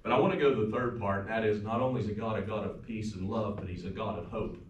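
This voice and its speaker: A pastor with a fairly low voice, delivering a eulogy in a funeral home chapel. He tells stories about the man who died and sometimes drops to a soft, quiet tone. The sound is roomy and picked up from a distance. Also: quick pace, highs cut off, a little hiss or hum. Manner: storytelling, warm anecdotes, turns soft and quiet at times. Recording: echoey room from far off.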